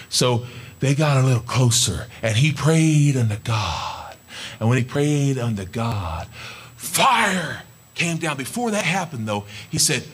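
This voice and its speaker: A man's voice: mid-range voice, big pitch swings, normal speed, a bit bright, breathy edge. A man preaching a sermon, retelling a scripture story in an emphatic, conversational way.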